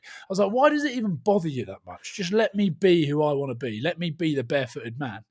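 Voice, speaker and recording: A man's voice: a little high, big pitch swings, quick pace, hardly any pauses, breathy edge. A man, telling a rambling story in casual podcast chat and swearing freely. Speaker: podcast host.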